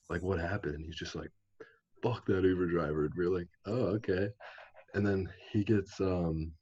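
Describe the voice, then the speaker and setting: A man's voice: extremely low pitch, a little mellow, slightly rough, lo-fi sound. A young man telling a rambling story in a laid-back way, full of fillers, as a podcast guest. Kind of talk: casual storytelling chat.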